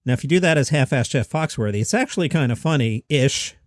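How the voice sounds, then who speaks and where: A man hosting a comedy news podcast with a lively, swooping delivery. He talks quickly and mocks himself, in a mid-pitched voice with a dry, close sound. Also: no echo. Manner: quick, chatty and self-mocking. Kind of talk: casual comedy news commentary.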